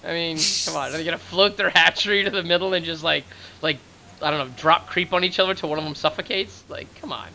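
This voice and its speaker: Excitable male esports caster, bright voice. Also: vocal fry, poor audio. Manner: excitable, rising to high-pitched rapid calls in fights. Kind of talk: live game commentary. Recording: faint background noise.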